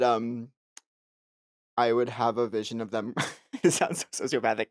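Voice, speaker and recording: A man's voice: mid-range voice, normal speed, no echo, studio quality. A man co-hosting a podcast, telling stories in a casual chat and acting out the people in them. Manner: animated storyteller, acts out voices. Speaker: podcast co-host.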